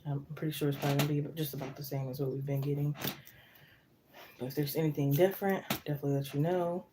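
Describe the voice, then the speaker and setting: A woman's voice: low-pitched, steady tone, quick pace, noisy background. A woman doing a casual live tarot reading, out of breath, chatting to viewers by name. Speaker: tarot reader.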